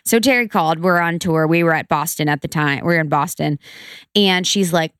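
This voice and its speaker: Chatty animated podcast woman. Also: sits low, brisk, clear, resonant tone, no echo, clean studio sound. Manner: animated storytelling, acts out her mom's lines. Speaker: podcast co-host. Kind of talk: casual chat.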